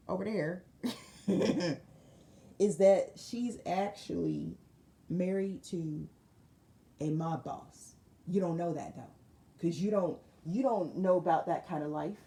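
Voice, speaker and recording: A woman giving a casual spiritual tarot reading, telling it as an animated, slangy story with lots of repeated phrases. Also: mid-range voice, creaky, echoey room. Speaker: tarot reader.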